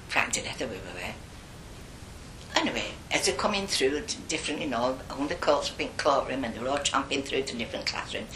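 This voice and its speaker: An older woman telling stories from her past in a chatty, animated way in an echoey room. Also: a bass voice, brisk, slight background noise. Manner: lively, chatty, animated retelling. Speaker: interviewee. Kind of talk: oral history storytelling.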